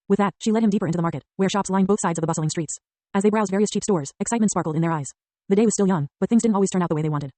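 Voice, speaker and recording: A woman narrating an audiobook in a brisk, even reading style. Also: fairly low pitch, no echo. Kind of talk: scripted narration.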